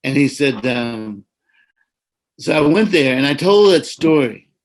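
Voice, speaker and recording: A man from the United States, an Orthodox priest, telling a personal story in a gentle, reflective, preacherly way over a video call. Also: medium pitch, animated, unhurried, rough recording.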